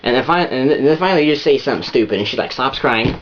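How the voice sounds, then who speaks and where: A man's voice: mid-range voice, animated, rapid-fire, highs cut off, a little hiss or hum. A man giving relationship advice in a rambling, repetitive casual monologue full of restarts.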